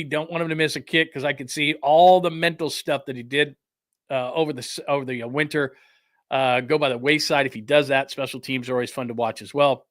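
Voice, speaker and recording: A man's voice: on the high side, a bit bright, dry recording, clean studio sound. A man hosting a sports podcast in a casual, chatty, rambling way. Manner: chatty, rambling, laughs easily.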